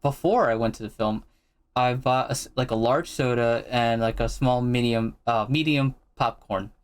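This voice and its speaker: A man hosting a casual chat, telling stories in a relaxed, rambling way. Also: medium pitch, moderate pace. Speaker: host.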